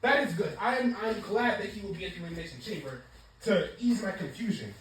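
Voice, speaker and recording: A woman's voice: medium pitch, a little fast, roomy sound, rough recording. A woman giving a casual wrestling show review, ranting with lots of swearing. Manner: profane, animated ranting.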